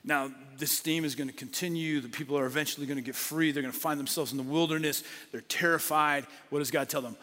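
A middle-aged man, a pastor preaching a sermon, who moves between lively talk and hushed whispers for emphasis. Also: a little high, fast, few pauses. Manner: dynamic, drops to a whisper for emphasis. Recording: long hall reverb.

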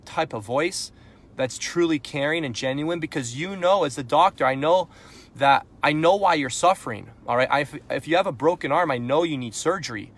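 A man's voice: on the high side, fairly bright tone, slightly rough. A man from Canada giving a live sales coaching talk, blunt and punchy, firing rhetorical questions and pushing into frustrated intensity. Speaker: sales coach and podcast host.

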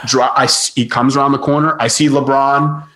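Man, casual storyteller, animated, mid-pitched, quotes people. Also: a little fast. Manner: animated, acts out quotes, many likes. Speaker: podcast guest.

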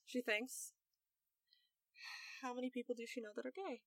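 Bright-voiced woman player, casual. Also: fairly high pitch, normal speed, no room sound. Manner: casual, joking asides. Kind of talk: tabletop game play.

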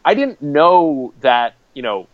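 A man's voice: on the high side, sing-song, slow pace, no echo, muffled recording. A man as a podcast guest, casually telling a rambling story.

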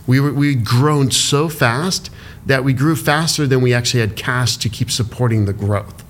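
A man being interviewed as an entrepreneur guest, speaking emotionally and haltingly with lots of fillers. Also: mid-range voice, slight background noise. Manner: halting, heavy use of "like" fillers.

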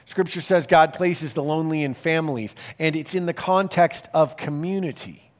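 A male pastor delivering a sermon in an earnest, emphatic style, speeding up and slowing down for emphasis. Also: fairly high pitch. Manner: earnest, emphatic preaching with varied pace.

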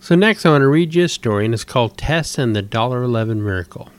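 A male host reads a story aloud at a steady, measured pace. His voice sits at an ordinary middle pitch for a man.

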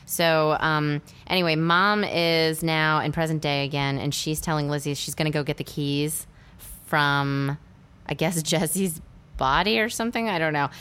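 A woman's voice: low voice, steady tone, measured pace, fairly bright tone, smooth. A woman in casual chat, animatedly retelling a film's plot with many fillers. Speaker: podcast co-host recapping a film.

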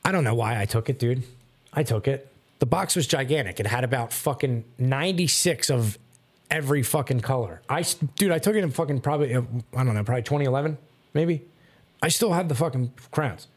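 A man's voice: medium pitch, animated, fairly quick. A young man from South Philadelphia with a Philly accent, telling rambling, profane stories in a casual chat. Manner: profane, rambling storyteller, says "dude" and "like" constantly.

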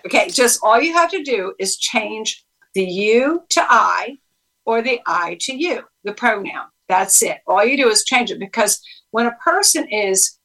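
A woman's voice: mid-range voice, sharp tone, rough recording. A woman psychologist, a guest on a talk show, explaining a technique in an instructive way and quizzing the host. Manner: instructive, quizzes the listener, acts out quoted lines. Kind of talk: interview explanation.

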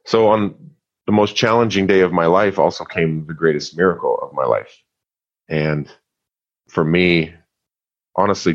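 A man telling his personal story in an earnest, heartfelt way, with playful asides. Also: low-pitched. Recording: muffled lo-fi sound.

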